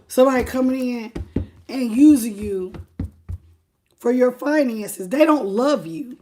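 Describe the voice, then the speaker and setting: A woman's voice: fairly high pitch, expressive, normal speed, darkish tone, a little hiss or hum. A woman doing a live tarot reading. She talks straight to viewers, greets the chat by name and repeats phrases for emphasis. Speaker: tarot reader.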